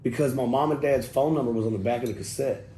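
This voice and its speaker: A middle-aged man, casually telling an interview story in a loose, profane, animated way and quoting people as he goes. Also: medium pitch, fast talker. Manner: loose, profane, animated retelling with quoted dialogue. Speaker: rapper telling his story as guest. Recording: roomy echo with faint background noise.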